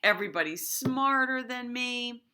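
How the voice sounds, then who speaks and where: Eeyore the downcast donkey drags out every complaint in a slow mopey drawl, his voice bright and thin, as a woman puts him on. Each word sounds heavier than the last. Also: fairly high pitch, animated, pitched above the performer's own voice. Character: gloomy slow-talking donkey Eeyore, whining.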